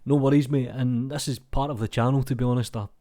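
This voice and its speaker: A fast-talking young adult Scot hosts his YouTube channel, reading comments in an easygoing, rambling manner. His mid-range voice is warm and steady in tone, and the dry, studio-quality recording comes from a desk mic without a pop filter.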